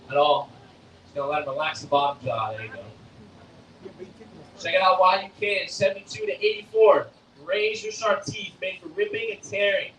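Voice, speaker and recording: A man's voice: high-pitched, fairly bright tone, a little hiss or hum. A young man presenting a live alligator show outdoors, joking with and quizzing the crowd, filmed from the audience. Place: outdoor alligator show arena at a theme park. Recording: distant, echoey, faint outdoor ambience.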